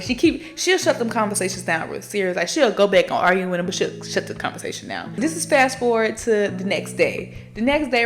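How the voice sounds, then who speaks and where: A woman hosting a book podcast, recapping a story in a casual, slangy, profane way and talking straight to her listeners. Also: mid-range voice. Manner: chatty, slangy and profane, addresses listeners directly.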